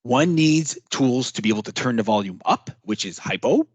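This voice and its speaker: A man's voice: mid-range voice, moderate pace, slightly rough, no echo. Male trainer, casual and chatty, dry close recording. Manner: animated, chatty, acts out client quotes. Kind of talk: casual workshop talk.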